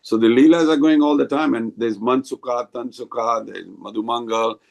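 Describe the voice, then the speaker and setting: A man leading a devotional group discussion over a video call, explaining slowly and rambling a little. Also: mid-range voice, steady tone, creaky.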